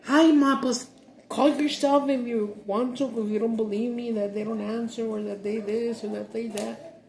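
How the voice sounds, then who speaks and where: A woman's voice: medium pitch, flat delivery, normal speed, gravelly, mellow, lightly acted. A woman imitating her exasperated grown daughter, in an impatient and defensive tone. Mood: irritated. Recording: roomy echo.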